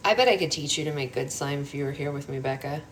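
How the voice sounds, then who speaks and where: A young woman hosting a casual livestream, chatting with viewers and reading their comments out loud in a playful, rambling way. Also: low-pitched, fast, roomy sound, slight background noise. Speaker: livestream host.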